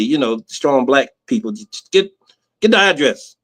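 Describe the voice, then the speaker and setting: American guy as a podcast guest, tells stories in a lively casual way, slightly high voice. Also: a little fast. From United States. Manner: animated, acts out the people in his story. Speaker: guest, music executive. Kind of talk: casual storytelling.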